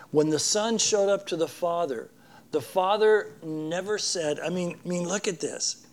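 A man preaching a sermon with an earnest, storytelling delivery. His voice sits a little high for a man. He acts out the people in the story and drops to a softer tone to stress a point. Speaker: pastor.

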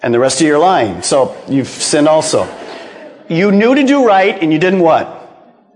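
A man preaching a sermon as pastor, animated, asking rhetorical questions and dropping to hushed low tones. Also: moderate pace, in a large hall. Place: church sanctuary.

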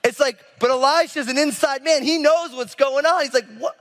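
A man preaching a sermon as a pastor, animated and conversational, acting out the people in the story with casual asides. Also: extremely high pitch, fairly quick, long reverb tail. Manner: animated, acts out biblical figures with casual asides.

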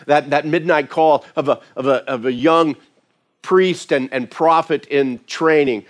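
A man preaching a sermon as pastor, talking conversationally and acting out quoted voices. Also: mid-range voice.

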